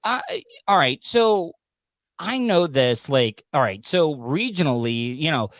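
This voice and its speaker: A man's voice: on the high side, lively intonation, measured pace, fairly bright tone, dry recording, studio quality. A man from the States, hosting a casual podcast interview in a jokey, rambling way. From Southern United States. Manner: chatty, jokey, lots of restarts. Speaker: podcast host.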